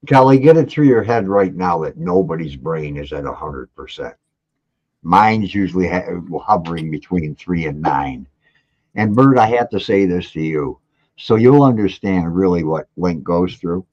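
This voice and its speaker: A lower-voiced older man hosts a casual livestream, reading viewer comments aloud and poking fun at them. His pitch swings widely as he jokes. The audio is dull and lo-fi. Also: moderate pace. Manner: animated, teasing, reads out viewer comments. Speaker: livestream host.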